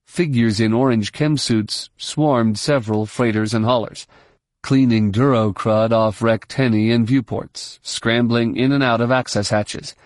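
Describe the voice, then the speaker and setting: Give me a man narrating a novel in a measured voice with a dry recording. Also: medium pitch, fairly even intonation, a little mellow, no room sound. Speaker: audiobook narrator. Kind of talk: scripted narration.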